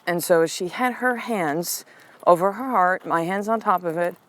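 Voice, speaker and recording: A middle-aged woman, a podcast host and coach, telling a personal story in a candid, animated way that turns soft and slow for calm affirmations. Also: fairly low pitch, a little hiss or hum, rough recording.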